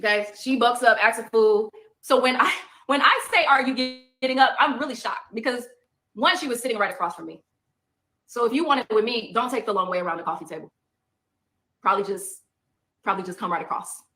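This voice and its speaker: Bright, forceful woman venting. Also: fairly high pitch, animated, a little fast. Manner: emphatic, repeats points for effect. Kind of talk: heated monologue.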